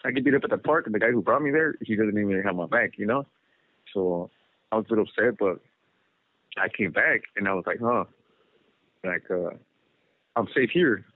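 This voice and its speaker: A lowish male voice comes through a thin, tinny prison phone line, dry and close with no room sound. He tells his story in a loose, rambling way, full of "you know" and "like". He is a man from Los Angeles talking about his life from inside. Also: fairly quick, pauses often, dry recording. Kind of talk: casual storytelling over a prison phone call. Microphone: telephone.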